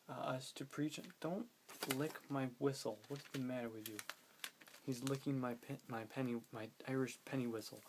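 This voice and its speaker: Man, casual home vlog, rambling storyteller, phone camera, mid pitch, light hiss. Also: a little mellow, low-quality recording. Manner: rambling storytelling with fillers, quoting others. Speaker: vlogger.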